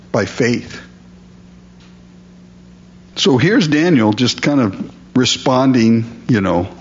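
A man preaching a sermon, reading scripture aloud and then explaining it in a relaxed, conversational way. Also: mid-range voice, breathy edge, highs cut off. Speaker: pastor.

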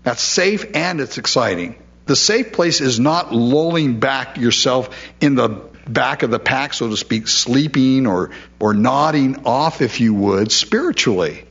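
A man's voice: mid-range voice, lively intonation, measured pace, a bit bright, slightly rough, dull audio. A man preaching a sermon in a conversational way, with frequent asides and quoted voices.

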